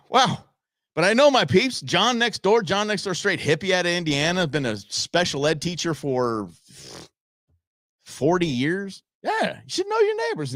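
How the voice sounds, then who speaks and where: Lively rambling man hosting a live show. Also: a little high, dry recording, clean studio sound. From Southern California. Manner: rambling, animated, folksy asides to viewers. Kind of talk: casual live-stream chat.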